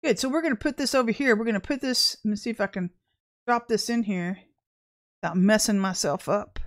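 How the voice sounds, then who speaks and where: A woman giving an informal prophetic message to her viewers, talking in an animated, emphatic way with sudden exclamations. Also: medium pitch, brisk. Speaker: self-described prophetess.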